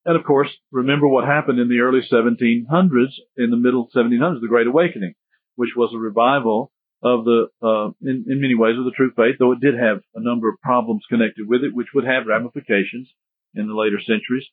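A man's voice: medium pitch, steady tone, fast talker, breathy edge, no room sound. A man giving a history lecture in a conversational, digressive way with joking asides. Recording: tinny phone-like dry sound.

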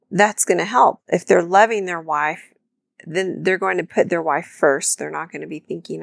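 A woman with a somewhat low, gravelly voice co-hosts a podcast. She talks thoughtfully and backs her advice with practical examples. The recording is close and dry. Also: moderate pace, no echo. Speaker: podcast co-host. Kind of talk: instructive marriage talk.

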